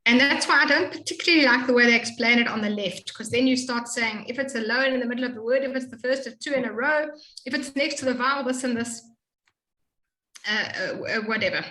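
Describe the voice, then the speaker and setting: A woman tutoring a student in Hebrew reading, explaining patiently and slowly modeling each sound. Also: a little high, sharp tone, echoey room, poor audio. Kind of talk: one-on-one reading lesson.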